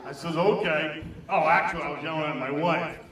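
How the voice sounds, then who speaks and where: A man's voice: fairly high pitch, fairly even intonation, fairly quick, crowd noise. A man performing a crude, rambling stand-up comedy set in a small club. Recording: echoey club heard from far off.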